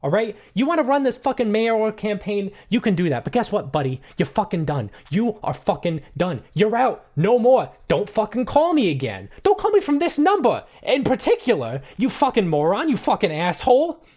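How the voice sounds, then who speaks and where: A man voicing a furious male mob boss who shouts and swears down a phone line. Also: sits high, sing-song, moderate pace, hardly any pauses, pitched above the performer's own voice.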